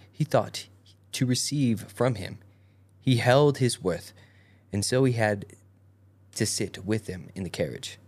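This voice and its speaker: A man hosting a casual podcast, reading an old fairy tale aloud and tripping over its old-fashioned wording. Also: fairly low pitch. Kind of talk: casual storytelling read-aloud.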